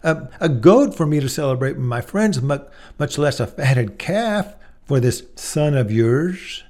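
A man's voice: mid-range voice, expressive, unhurried, darkish tone, lightly acted. A man voicing an indignant older brother in a retold parable, complaining in outraged disbelief.

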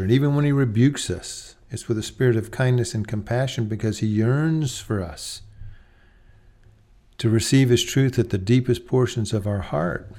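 A middle-aged man preaching a sermon as a pastor. He talks plainly, slows right down to stress key words, and now and then acts out scenes in a raised voice. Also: on the low side, dark tone. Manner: slow, deliberate emphasis on key words; acts out dog-talk and scolding in a raised voice.

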